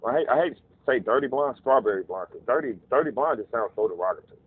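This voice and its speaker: A man telling a casual, profane story, animated and acting out voices in quotes. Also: medium pitch, fast, slightly rough, dry recording. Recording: narrow phone-like dry sound.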